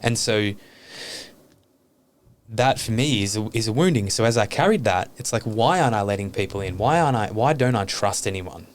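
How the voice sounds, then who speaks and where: A man's voice: fairly low pitch, lively intonation, normal speed, slight background noise. A man talking openly and earnestly as a podcast guest, reflecting on his life and swearing casually.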